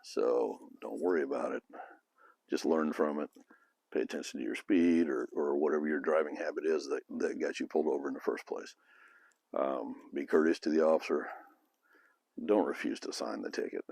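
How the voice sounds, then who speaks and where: Very deep, husky-voiced blunt man. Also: a little mellow, dry recording, clean studio sound. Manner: blunt and frank, with occasional profanity. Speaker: former police officer giving advice. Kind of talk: casual advice monologue.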